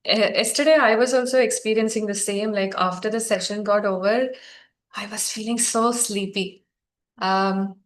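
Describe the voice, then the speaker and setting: Gentle soft-spoken woman guiding healing. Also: medium pitch. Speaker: healing session facilitator. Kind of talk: guided healing session, sharing circle.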